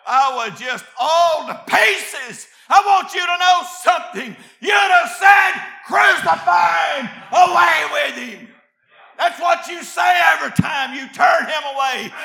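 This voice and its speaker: A man preaching a revival sermon, often shouting, then dropping to quiet asides, with many filler "uh"s. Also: extremely high pitch, animated, unhurried, vocal fry, roomy sound, a faint crowd.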